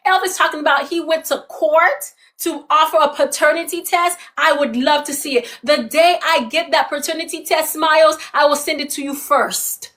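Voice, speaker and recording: Woman, from Florida, high voice, emphatic, accusatory, live-stream guest. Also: steady tone, moderate pace, few pauses, fairly bright tone. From Florida, USA. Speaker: guest, ex-partner.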